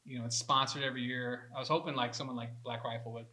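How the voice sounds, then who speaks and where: A man's voice: mid-range voice, fairly even intonation, fast, sharp tone. A man co-hosting a hockey podcast in a casual, rambling way, often saying "dude". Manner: laid-back, rambling, laughs often, says "dude". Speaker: podcast co-host; veteran warrior hockey organizer.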